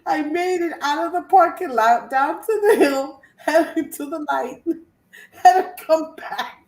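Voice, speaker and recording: A woman telling a lively, laugh-filled story in a relaxed crafting chat. Her voice sits a bit high and comes from a distance in a reverberant room, with faint ambient noise behind her. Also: slow pace. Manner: animated storyteller, laughs often. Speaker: co-host of a crafting live show. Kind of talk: casual chat. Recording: echoey room from far off.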